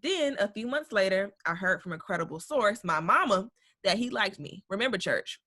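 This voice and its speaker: A woman's voice: mid-range voice, expressive, moderate pace, pushed and bright. A woman co-hosting a casual podcast, reading a listener's email aloud with slang, swearing and bursts of laughter. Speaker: podcast co-host.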